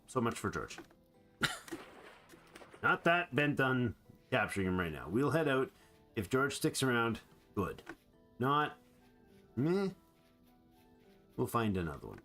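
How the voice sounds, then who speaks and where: A man's voice: medium pitch, sing-song, takes it slowly, pauses often, sharp tone, soft background music. A man giving playful, rambling let's play commentary on a survival game, chatting to the animals he meets. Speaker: gamer.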